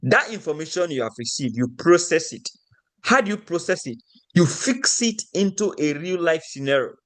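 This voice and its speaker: A man's voice: fairly high pitch, expressive, normal speed. A man from Nigeria giving a motivational teaching talk, often putting rhetorical questions to his audience.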